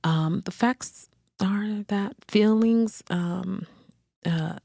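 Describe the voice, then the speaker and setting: A woman's voice: medium pitch, extremely slow, vocal fry, dry recording, clean studio sound. A woman podcast host, a therapist, talking in a reflective, searching way and often correcting herself as she thinks aloud. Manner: searching, self-correcting, gently conversational. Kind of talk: reflective solo talk.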